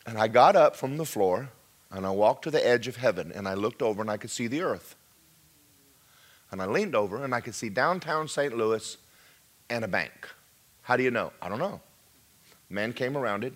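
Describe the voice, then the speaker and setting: Impassioned preacher, wide swings. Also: male voice, sing-song, moderate pace. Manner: swings from loud high exclamations to hushed whispers. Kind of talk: sermon testimony.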